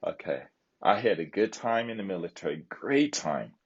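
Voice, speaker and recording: Deep husky man, rambling story. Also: expressive, moderate pace, lo-fi sound. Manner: rambling, many fillers and asides. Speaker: live streamer. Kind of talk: casual storytelling chat.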